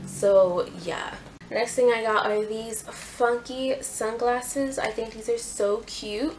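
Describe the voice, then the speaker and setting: A woman's voice: on the high side, steady tone, slow pace, a little mellow, slight background noise, rough recording. A young woman hosting a casual clothing haul vlog, chatty and gushing, with lots of fillers. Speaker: fashion YouTuber.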